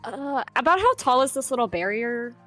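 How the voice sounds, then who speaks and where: High-voiced giggly woman player. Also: expressive, normal speed, bright, forceful tone, faint music behind. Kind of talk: casual tabletop play.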